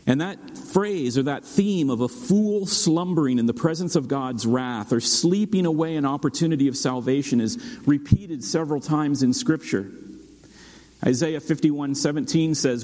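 A man preaching a sermon as pastor, steady and earnest, dropping low for emphasis and rising to urge his listeners. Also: normal speed. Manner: steady preaching with dramatic drops and rising exhortation. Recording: long hall reverb.

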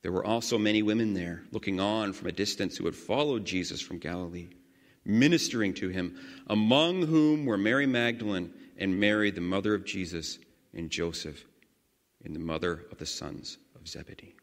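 A man leading a guided scripture meditation, reading slowly and earnestly with sudden swells of emphasis. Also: deep voice. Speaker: prayer leader. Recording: long hall reverb.

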